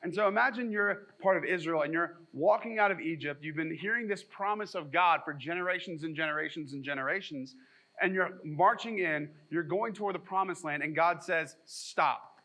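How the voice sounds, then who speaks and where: A man's voice: fairly high pitch, moderate pace, bright, forceful tone, rough recording. A male pastor, preaching a conversational sermon and mixing scripture reading with joking, self-deprecating asides.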